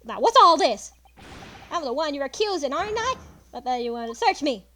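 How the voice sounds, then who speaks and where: A brash, loud police inspector, as a woman plays him who blusters and bristles. His voice is raised and energetic and swings widely in pitch. He talks gruffly with a streetwise edge. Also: a little fast, full character voice. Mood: indignant.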